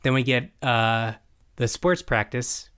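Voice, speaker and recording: A man's voice: mid-range voice, slow pace, fairly bright tone, clear, resonant tone. Male co-host, casual, acts out quoted lines while recapping. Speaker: podcast co-host recapping a show. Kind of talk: casual chat.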